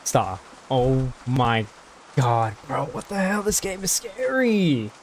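A man's voice: mid-range voice, slow pace, a little hiss or hum. Jumpy male gamer talking through play. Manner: jumpy, talks himself through tasks; reads customer dialogue aloud. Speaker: gaming channel host. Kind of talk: let's play commentary.

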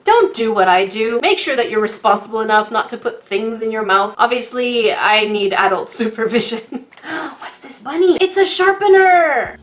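A young woman chatting excitedly through an unboxing video for her crafting channel, gushing and restarting her sentences. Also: on the high side. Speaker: crafting YouTuber. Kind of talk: casual unboxing chat.

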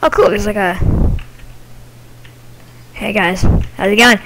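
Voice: medium pitch, slow pace, pauses often, fairly bright tone, a little hiss or hum, poor audio. A gamer giving casual play-by-play commentary, reacting to the game in a chatty, offhand way and sometimes dropping into a whisper.

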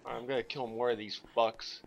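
A young man narrates his game in a loose, casual way, cursing freely and yelling at whatever gets in his way. His voice sits in the middle of the range. A clear hiss of background noise runs under the recording. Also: mid-range voice, normal speed, highs cut off. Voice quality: profane, excitable, shouts at enemies. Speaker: let's play gamer. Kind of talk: casual gameplay commentary.

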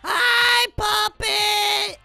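A woman voicing a male bunny puppet magician with a squeaky, raspy, childish voice, whining and stammering. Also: takes it slowly, sharp tone, no echo, soft background music, full character voice. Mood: whiny. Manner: whining and stammering, near tears.

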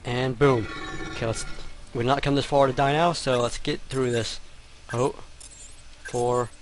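A man's voice: mid-range voice, fairly even intonation, unhurried, a little hiss or hum. A man commentating his own gameplay, often muttering to himself and exclaiming in frustration. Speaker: let's play gamer.

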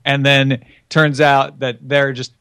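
A man's voice: mid-range voice, level tone, a bit bright, clear, resonant tone, dry recording. Man, casual comedic talk, dry wit, close dry sound, medium voice. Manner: dry, quick one-liners. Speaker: podcast co-host.

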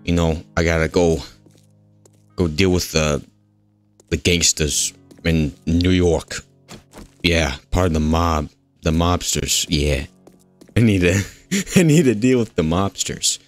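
Over soft background music, a deep-voiced man speaks slowly, pausing often. He hosts gaming content, goofily narrating what he plays, cracking jokes, wandering off topic and bantering with the characters on screen.

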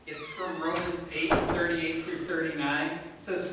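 A man's voice: a little high, huge pitch swings, measured pace, very noisy. A man preaching a sermon in a church, telling a story with animation and asking the congregation questions. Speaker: pastor. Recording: echoey room from far off.

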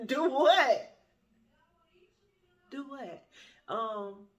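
A woman's voice: medium pitch, moderate pace. A woman vlogger telling a dating story to her viewers in a blunt, profane, laughing way.

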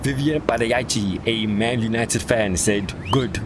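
A man's voice: fairly low pitch, moderate pace, background noise. A man hosting a reaction video, reading out viewer comments with wry, sardonic asides.

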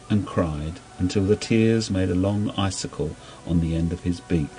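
A man gently reading a children's story aloud in an unhurried storybook manner. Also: sits low, soft background music, rough recording.

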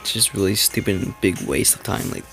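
A man's voice: low-pitched, expressive, a little fast, vocal fry, fairly bright tone. A man hosting a reaction video in casual commentary, rambling and mocking, with lots of "like" fillers. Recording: background music under voice. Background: background music.

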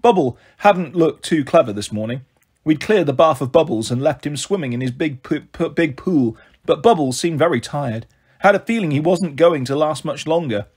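Husky man reading a story aloud. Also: a little high, moderate pace. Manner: steady first-person narration. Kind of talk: reading a children's novel aloud.

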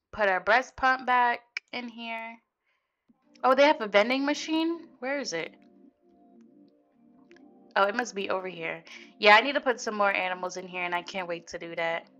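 A young woman chats through her gameplay in a loose, slangy style, talking straight to her viewers. Her voice has a bright, clear edge. Soft music plays faintly underneath. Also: a little high. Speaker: gaming video host. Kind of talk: casual gameplay commentary.

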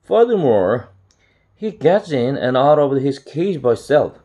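A man's voice: mid-range voice, sing-song, unhurried, warm tone, voice pushed up. A man with a Korean accent voicing a smug, scheming pet cat who lectures and teases, in a storybook read-aloud. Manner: lecturing, teasing.

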